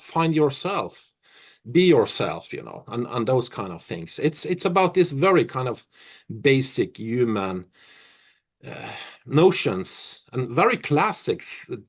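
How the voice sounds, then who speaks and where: A middle-aged Norwegian musician answers interview questions in a husky mid-range voice that is very animated. He's reflective and halting, restarting his sentences often.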